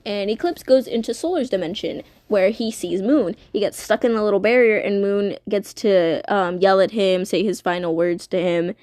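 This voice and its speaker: A woman's voice: mid-range voice, moderate pace, few pauses, dark tone, dry recording, studio quality. A woman streamer casually retelling a story, rambling and swearing with lots of fillers.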